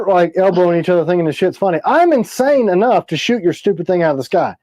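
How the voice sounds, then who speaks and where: A man hosting a casual livestream, telling stories in an animated, sarcastic way. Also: high-pitched, fast, few pauses, no room sound. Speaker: knife maker, livestream host. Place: workshop or shop.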